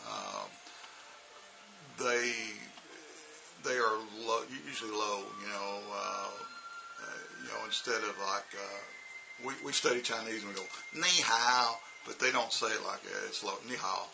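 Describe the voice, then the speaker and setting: A man's voice: on the low side, steady tone, a little slow, gravelly, long pauses, noisy background. A man, an English teacher, telling a casual, rambling story full of "you know" and "uh". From United States.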